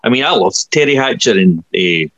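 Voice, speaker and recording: A man co-hosting a casual podcast chat, agreeable and quick to laugh. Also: on the low side, expressive, a bit bright, dry recording, muffled recording. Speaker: podcast co-host.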